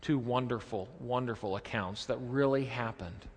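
Male pastor, mid-pitched, preaching expressively, reverberant church hall. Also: normal speed, slightly rough. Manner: expressive preaching, drops his voice low for quoted lines. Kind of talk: sermon.

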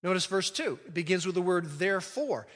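A man preaching a sermon as pastor, leading the congregation in reciting a phrase together and slowing down to stress key words. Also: sits high, expressive, long reverb tail. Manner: leads congregation in call-and-response recitation.

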